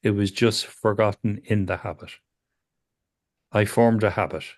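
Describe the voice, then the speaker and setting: Low-voiced man, calm and probing. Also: unhurried. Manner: calm, probing questions, repeats phrases. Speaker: psychotherapist. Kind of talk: therapy session conversation.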